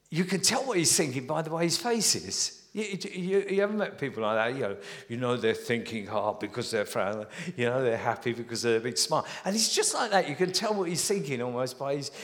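A man's voice: medium pitch, fairly bright tone, big-room sound. A man, preaching a sermon in a conversational, storytelling manner with many small restarts. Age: 70s.

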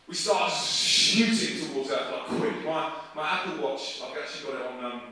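A man preaching, telling a story with lively energy and acting out the voices in it. His voice is bright and a touch high. It rings through a very echoey hall, picked up from a distance. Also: moderate pace. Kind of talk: sermon storytelling.

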